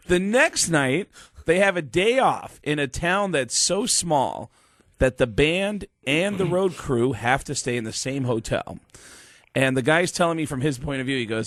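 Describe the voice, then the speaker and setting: Comedian man telling animated stories. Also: a little high, measured pace, dry recording. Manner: lively anecdotes, acting out quoted voices. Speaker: comedian guest. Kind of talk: podcast storytelling. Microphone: studio microphone.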